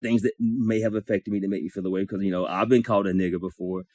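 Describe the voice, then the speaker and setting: A man in a support circle telling an emotional personal story, acting out the dialogue in lively bursts and swearing now and then. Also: lowish voice, quick pace, no room sound. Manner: animated, acts out dialogue, swears.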